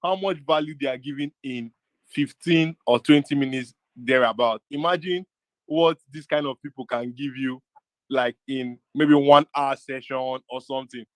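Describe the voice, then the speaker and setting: A Nigerian man co-hosting an online webinar, talking fast and excitedly, mixing in Pidgin, laughing and repeating words. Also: mid-range voice, no room sound. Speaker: webinar co-host. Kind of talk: excited casual chat with Pidgin.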